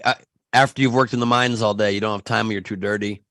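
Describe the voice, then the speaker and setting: A man hosting a casual comedy podcast, greeting guests and tossing out deadpan wisecracks. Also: on the low side, fast. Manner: dry, wisecracking. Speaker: podcast host.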